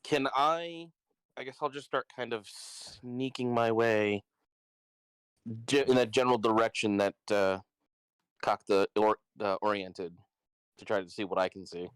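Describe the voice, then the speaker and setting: A man with a smooth, clear, fairly low voice hesitates as he checks rules aloud during a tabletop game. The sound is dry and close. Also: unhurried, no room sound, poor audio. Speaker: player. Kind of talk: casual tabletop game chat.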